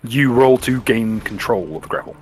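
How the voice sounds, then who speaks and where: A man running a tabletop game as game master, calmly explaining combat rules. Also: medium pitch, normal speed, faint music behind. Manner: explains rules plainly, calm and matter-of-fact.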